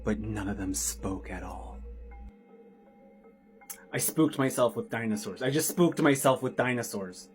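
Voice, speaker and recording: A man's voice: on the low side, unhurried, pauses often, soft background music. A man casually telling a horror story, chatty with slang asides and dramatic build-up.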